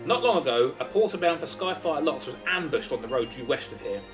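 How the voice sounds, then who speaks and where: A man's voice: a little high, expressive, a little fast, distant mic, over music, lightly acted. A man voicing a haughty middle-aged male lord in a fantasy game, condescending and bargaining.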